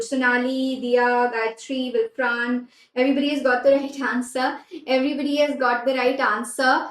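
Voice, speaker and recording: An exam prep teacher with an Indian English accent runs a live online class in a high, bright voice, keeping a level tone at normal speed. She mixes Hindi and English freely, repeats key phrases, and encourages students by name, her voice echoing in a roomy space.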